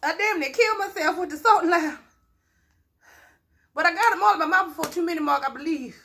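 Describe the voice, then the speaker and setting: A woman's voice: very high voice, a little fast, sharp tone. A woman vlogger in a casual challenge video, exclaiming, swearing and chatting to her viewers in slangy, drawling informal talk.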